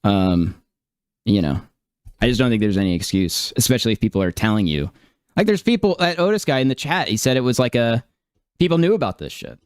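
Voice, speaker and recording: A man's voice: medium pitch, lively intonation, brisk, darkish tone, clear, resonant tone, dry recording, clean studio sound. A man giving casual reaction commentary on a stream, incredulous and laughing, with many fillers and restarts.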